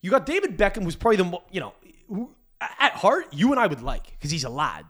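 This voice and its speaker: Male podcast host, fairly high voice, crude rambling rant. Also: huge pitch swings, quick pace, fairly bright tone. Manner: crude, rambling, restarts a lot. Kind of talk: casual rant.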